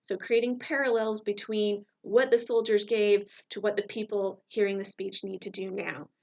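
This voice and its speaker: A woman's voice: medium pitch, flat delivery, moderate pace, gravelly, dull audio. A woman teacher talking through a recorded lecture in a conversational way, checking in with "right?" and using fillers.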